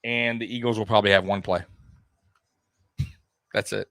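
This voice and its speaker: A young man hosting a live sports stream, talking straight to his viewers in an animated, repetitive way with plenty of swearing. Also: on the low side, normal speed, creaky, no room sound. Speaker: sports livestream host. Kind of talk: live postgame commentary to viewers.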